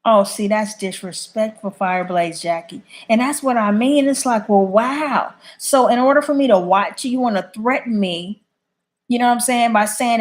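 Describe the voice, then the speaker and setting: A medium-pitched woman talks at a moderate pace during a casual YouTube livestream. She goes through viewer comments and replies to them bluntly, voicing strong opinions.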